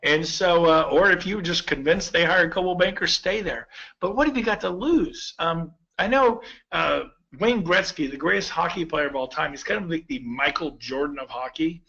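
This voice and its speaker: A man in his fifties giving a persuasive sales pitch to real estate agents, telling stories with quoted dialogue. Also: moderate pace, vocal fry, pushed and bright, lo-fi sound. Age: 50s.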